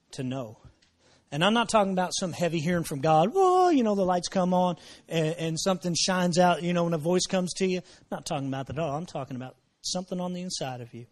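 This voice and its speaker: A pastor preaches a sermon, repeating his phrases and sprinkling in exclamations of praise. His voice rises from quiet murmurs to shouted emphasis.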